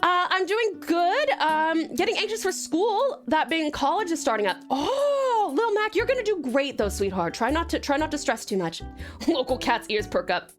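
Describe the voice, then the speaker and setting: A woman's voice: very high-pitched, big pitch swings, normal speed, faint music behind. A woman streamer chatting casually with her chat, bubbly and giggly.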